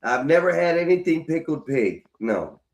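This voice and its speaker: A man's voice: fairly high pitch, very animated, normal speed. A man hosting a call-in stream, chatting bluntly and teasing his callers. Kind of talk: casual chat.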